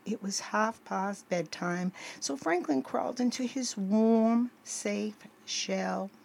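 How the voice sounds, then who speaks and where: An older woman gently reading a children's storybook aloud as the show's storyteller. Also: medium pitch, gravelly. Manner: slow, expressive, gentle reading. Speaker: storyteller host.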